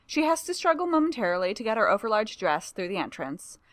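Woman narrator, expressive storybook reading, dry close sound. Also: medium pitch, quick pace, no room sound.

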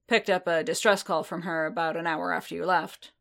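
A woman's voice: fairly low pitch, fairly even intonation, brisk, gravelly, fairly bright tone. A woman reading the lines of a grim, wary veteran male bounty hunter who speaks in a dry, terse, understated way.

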